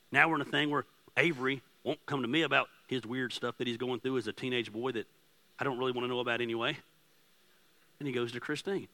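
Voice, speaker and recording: A man in his forties preaching a sermon as pastor, impassioned and conversational, telling stories about his family with a self-deprecating touch. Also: mid-range voice. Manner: impassioned, rising to near-shouting.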